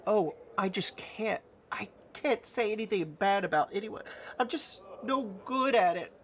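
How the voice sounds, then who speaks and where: A man's voice: high voice, expressive, measured pace, a bit bright, slight background noise, pitched above the performer's own voice, heavily acted. A man voicing a timid, sweet little woman who talks in a meek, pleading, apologetic way. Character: timid sweet tiny woman, gentle and anxious.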